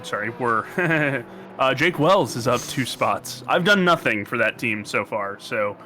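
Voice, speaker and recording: A man's voice: medium pitch, lively intonation, bright, forceful tone, soft background music. A man with an American accent giving casual, joking commentary on a sim race. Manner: jokey, rambling, quick to banter. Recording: noisy stream audio.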